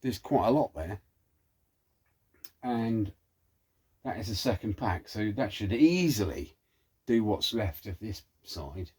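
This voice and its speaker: Man vlogging DIY in his shed, low-pitched, chatty and cheeky. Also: expressive, slow, long pauses, a little mellow, slightly rough. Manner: chatty, rambling, cheeky asides, muttering to himself. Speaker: workshop vlogger. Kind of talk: casual chat while working. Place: home workshop shed.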